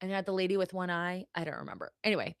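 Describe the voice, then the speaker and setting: A woman talks through a live stream in a loose, rambling way, laughing often and swearing casually. Her voice sits a little low. The sound is dry and close, straight from a computer mic with no room around it. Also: sing-song, very fast, clear, resonant tone, dry recording. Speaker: podcast host and therapist. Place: home setup on a live stream. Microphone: computer mic on a video stream.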